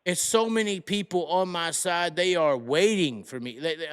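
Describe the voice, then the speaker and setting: A man's voice: high voice, normal speed, clear, resonant tone. A man talking as a podcast guest in a rambling, profane way, full of restarts and "like". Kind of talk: casual podcast chat.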